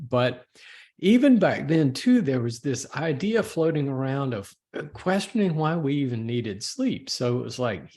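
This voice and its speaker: A man in his sixties, a physician guest in an interview, telling his story in a measured, reflective way. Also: medium pitch, a little mellow. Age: 60s. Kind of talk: casual interview.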